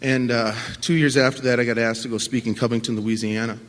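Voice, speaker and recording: A man giving a personal recovery talk to an audience at a convention, earnest and halting with many restarts, swinging from quiet to impassioned. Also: mid-range voice, steady tone. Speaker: AA speaker. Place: large conference hall at a convention. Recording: long hall reverb from a live talk.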